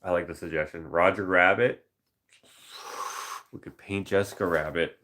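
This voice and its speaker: A man painter chatting casually on a live stream, musing aloud over viewer suggestions and slipping into quick movie-quote voices. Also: sits low, fairly even intonation, sharp tone. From Canada.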